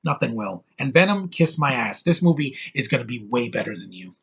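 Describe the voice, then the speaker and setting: A man's voice: mid-range voice, very animated, brisk, creaky, a bit bright, slightly rough. A young man giving a brash, over-the-top movie review, ranting and swearing as he talks.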